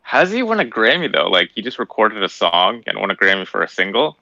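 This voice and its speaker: Gravelly man on a dull, lo-fi mic. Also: lowish voice, quick pace, dry recording. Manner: relaxed, asks follow-up questions. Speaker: co-host. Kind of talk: casual chat.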